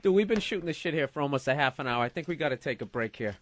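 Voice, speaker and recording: A man's voice: a little high, animated, rapid-fire, a little hiss or hum. A man co-hosting a comedy talk show, teasing his partner with sarcastic, profane jokes. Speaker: comedian co-host. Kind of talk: casual comedy chat.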